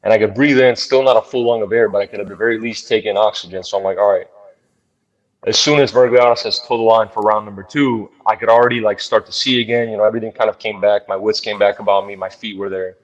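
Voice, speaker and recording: Fast-talking fighter, blunt and profane. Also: male voice, on the low side, steady tone, muffled recording. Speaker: bare knuckle fighter being interviewed. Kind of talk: casual storytelling interview.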